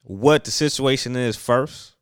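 Smooth-voiced young man rambling casually. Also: mid-range voice, measured pace, no room sound, clean studio sound. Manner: rambling, animated, lots of fillers and restarts. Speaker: podcast co-host. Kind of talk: casual chat.

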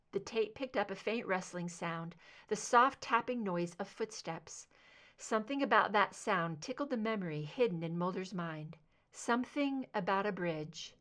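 A woman narrating a fan fiction audiobook in a steady, even storytelling manner. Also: medium pitch, normal speed. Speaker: audiobook reader.

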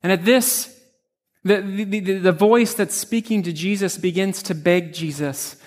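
A male pastor with a notably high voice preaches a narrative sermon, retelling a scene vividly in the second person. He talks with frequent restarts and repeated words. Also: steady tone, unhurried, a little mellow.

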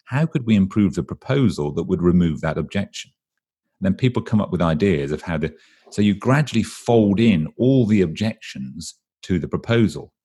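A man with an English accent, a guest expert in an interview, explaining a process briskly and acting out what people say. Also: low-pitched, animated, dark tone, slightly rough. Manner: brisk, explanatory, acts out quoted voices.

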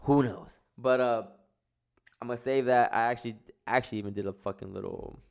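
Smooth-voiced stoned man ranting casually. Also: medium pitch, fairly even intonation, a little fast. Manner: rambling, profane, slangy. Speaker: podcast host. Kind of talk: casual solo podcast monologue.

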